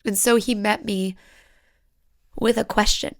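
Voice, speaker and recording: A woman hosting a solo podcast, speaking in a raw, emotional, halting way and sometimes dropping into whispers. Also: mid-range voice, steady tone, dry recording, clean studio sound. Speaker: podcast host.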